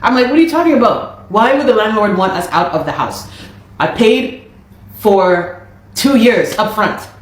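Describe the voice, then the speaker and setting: A woman's voice: mid-range voice, normal speed. A Canadian woman telling her own story in a casual, exasperated way, repeating herself as she goes. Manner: animated, exasperated retelling with repeated phrases. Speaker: interviewee. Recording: echoey room.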